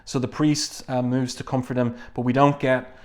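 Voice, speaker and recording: A man's voice: medium pitch, little pitch movement, normal speed. A man casually reviewing a comic book, reading panels aloud and chatting about them, with lots of "uh" and "um" along the way. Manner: conversational, many fillers, reads quoted lines plainly.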